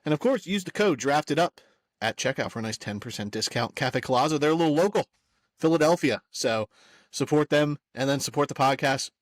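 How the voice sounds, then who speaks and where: A man's voice: a little high, lively intonation, fairly quick, dry recording. A young man co-hosting a casual sports podcast, talking in a rambling, laid-back way with lots of filler words. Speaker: podcast co-host.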